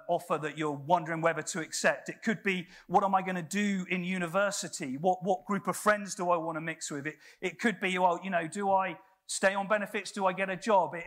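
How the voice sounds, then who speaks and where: Guy preaching in church, pretty high voice, chatty storytelling sermon. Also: fairly bright tone. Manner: conversational storytelling with restarts.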